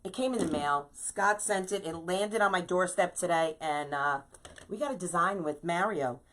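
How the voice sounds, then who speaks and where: Bright-voiced, exasperated woman livestream host. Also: on the low side, moderate pace. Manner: exasperated, ranting, emphatic, repeats "okay?". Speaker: host of a live crafting stream. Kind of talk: casual live-stream talk.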